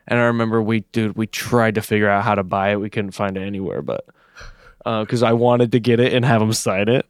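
A young podcast co-host tells a rambling story in casual conversation, swearing freely. His fairly low voice is brisk and clean, recorded dry with studio quality.

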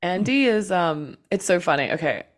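A woman co-hosts a casual film podcast with a low, dusky voice. She rambles through her thoughts in quick, chatty bursts. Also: animated. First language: not American. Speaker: podcast co-host.

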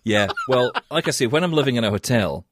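A man with a Scottish accent, chatting on a podcast in a self-mocking, animated way. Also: mid-range voice, fast talker, no echo, clean studio sound. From Scotland. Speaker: podcast co-host. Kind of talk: casual chat.

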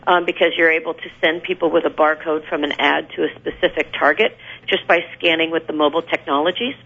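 A woman guest on a radio show, explaining marketing with many fillers and a gravelly voice. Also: sits low, steady tone, fast, fairly bright tone. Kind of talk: radio interview answers. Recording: dull lo-fi radio recording.

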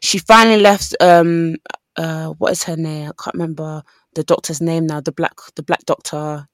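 Brief: young woman, podcast co-host, lively storyteller who acts out quotes, dry close sound. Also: low voice, moderate pace, no echo. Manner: animated storytelling with voiced quotes. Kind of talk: casual chat.

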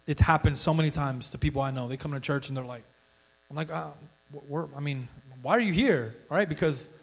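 A male pastor preaching a sermon in a conversational storytelling way, with frequent restarts. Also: a little high. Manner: conversational storytelling, frequent restarts, rising excitement when acting out quotes.

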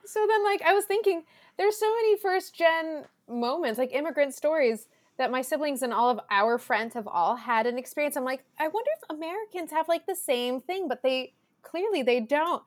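A woman in her twenties, a podcast guest, telling animated family stories, laughing often and acting out quotes. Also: sits high, moderate pace. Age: 20s. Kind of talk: casual storytelling chat.

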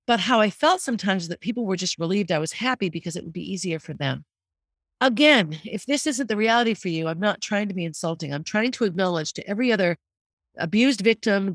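A woman's voice: medium pitch, no room sound. Middle-aged female podcast host, earnest and candid, mid-range voice, dry close recording. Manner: candid and earnest, speaking openly about grief. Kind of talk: reflective podcast monologue.

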